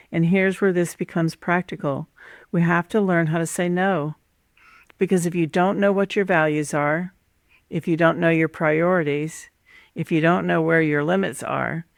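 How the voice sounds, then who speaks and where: A woman hosting a show, giving a calm, measured, scripted talk on relationships and laying out her advice point by point. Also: fairly low pitch, creaky, no room sound, clean studio sound. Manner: calm, measured, instructive, lays out numbered points. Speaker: host. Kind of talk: scripted teaching monologue on relationships.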